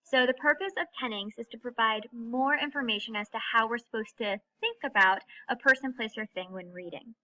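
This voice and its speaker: Woman teacher, lecture delivery, bright and a little high, muffled lo-fi sound. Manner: clear, explanatory, reads examples slowly. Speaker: English teacher. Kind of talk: recorded classroom lecture.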